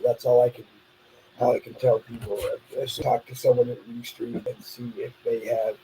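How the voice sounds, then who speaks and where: A man's voice: mid-range voice, flat delivery, moderate pace, mellow, a little hiss or hum, low-quality recording. A man co-hosting a casual live stream, telling stories in a chatty, loose way. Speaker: co-host.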